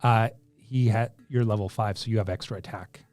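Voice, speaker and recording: A man running a tabletop game, his voice low and soft at the edges. He gives rulings calmly and plainly. The tone stays mellow and unhurried. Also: soft background music. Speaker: game master.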